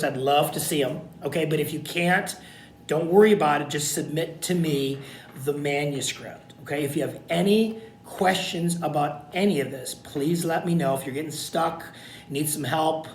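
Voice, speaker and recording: A man recording a video lecture for his college class, talking informally and checking in with "okay?" again and again. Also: moderate pace. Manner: repetitive, informal, frequent "okay?" check-ins. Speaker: college instructor. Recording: echoey room with faint rumble.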